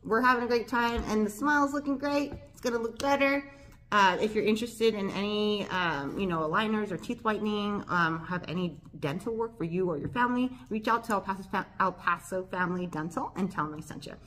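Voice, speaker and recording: A woman's voice: medium pitch, a little fast, fairly bright tone. A woman hosting a casual local talk show from a studio, chatty and bubbly, laughing often, with a slight lisp from dental aligners.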